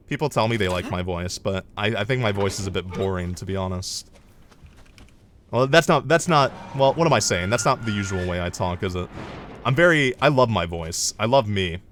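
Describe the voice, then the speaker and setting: An American man streaming a game, rambling through casual, profane commentary in a General American accent. His pitch moves a lot as he talks, and a faint hum of noise runs behind him. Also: lively intonation, normal speed, a bit bright. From United States.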